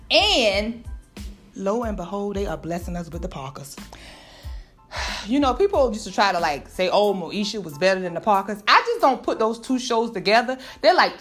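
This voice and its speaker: Animated woman with a bright voice. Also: medium pitch. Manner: animated, laughing asides and emphatic repetition. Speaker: podcast host. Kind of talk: casual solo podcast monologue.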